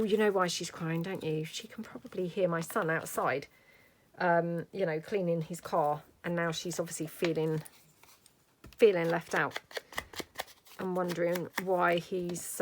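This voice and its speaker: A woman's voice: fairly low pitch, unhurried, a little hiss or hum. A middle-aged woman chatting casually through a crafting tutorial, thinking aloud as she works. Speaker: craft vlogger.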